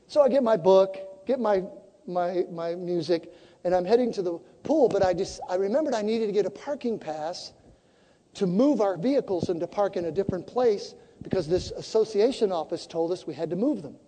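Lively woman preaching in an echoey hall. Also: mid-range voice, normal speed. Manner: animated, acts out conversations. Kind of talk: sermon storytelling.

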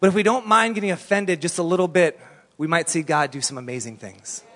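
Middle-aged pastor in a ringing hall. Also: male voice, fairly high pitch, brisk. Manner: storytelling, animated, conversational. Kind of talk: sermon. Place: church hall. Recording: long reverb in a church hall.

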